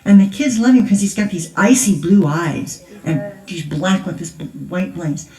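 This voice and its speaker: At a conference in a large church hall, an older woman who is a grandmother gives a storytelling testimony, chatting and laughing as she goes. Her voice is lowish, a little mellow, and moderately paced, echoing from a distance.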